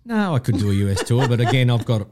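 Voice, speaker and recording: Mellow-voiced musician. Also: male voice, mid-range voice, sing-song, fast talker. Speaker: musician guest. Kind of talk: casual interview chat.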